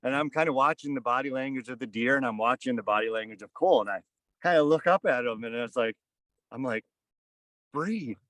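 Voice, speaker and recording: A man's voice: medium pitch, fast, a bit bright, dry recording. A man in his thirties or forties, a podcast guest, telling a casual story in a rambling way full of "kinda" and "like.". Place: on a fishing boat.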